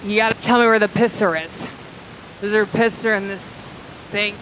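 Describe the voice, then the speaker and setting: A woman comedian voicing her drunk, brash boyfriend who shouts for the bathroom, on a live club recording with faint hiss. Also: mid-range voice, little pitch movement, moderate pace, lightly acted, low-quality recording. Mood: belligerent.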